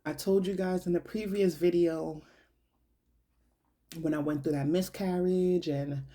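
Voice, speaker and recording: A young adult woman talks slowly and from the heart in a personal monologue. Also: on the low side, steady tone, dark tone. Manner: slow, heartfelt, colloquial and conversational. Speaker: vlogger.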